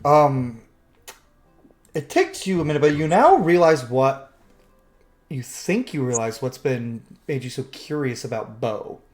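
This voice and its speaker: A man running a tabletop game as game master over an online call, chatty and quick to laugh, often restarting his sentences as he narrates. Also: medium pitch, lively intonation. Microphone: online call microphone.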